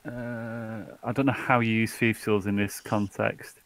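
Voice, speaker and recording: A man's voice: lowish voice, little pitch movement, a little slow, heavy background noise. A man playing a tabletop game in casual chat, practical and asking plain questions about the rules. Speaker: player.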